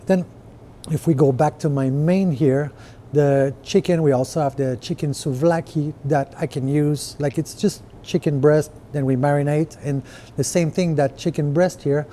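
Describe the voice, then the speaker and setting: A restaurant owner who podcasts casually walks through his menu on a screen share, full of fillers and rhetorical "right?" checks. His voice is on the high side, steady and dark-toned, at a moderate pace, with a little hiss or hum.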